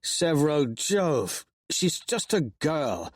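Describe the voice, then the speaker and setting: A man voicing a stern, weary male leader who speaks in low, slow, clipped orders. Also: very animated, no echo, clean studio sound, full character voice.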